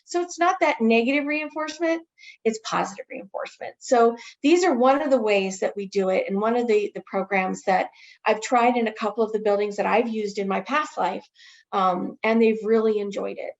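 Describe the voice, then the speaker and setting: A woman training others in infection prevention, answering a webinar question as an enthusiastic, animated storyteller. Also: a little high, normal speed, vocal fry, dull audio.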